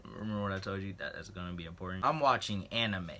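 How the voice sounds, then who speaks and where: A man's voice: low-pitched, fast talker, few pauses, pushed and bright. A young man in a casual storytime vlog, animatedly telling a story and acting out what others said. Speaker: vlogger.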